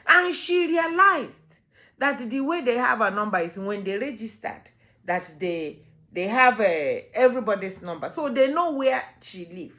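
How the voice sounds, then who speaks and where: A woman giving a reaction commentary, making impassioned appeals with her voice swinging between loud and soft. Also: on the high side, lively intonation, moderate pace.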